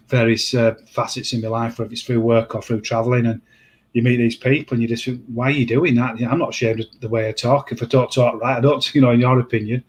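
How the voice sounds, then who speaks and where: A man hosting a casual chat, talking in a rambling, halting way with many restarts. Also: medium pitch. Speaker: host.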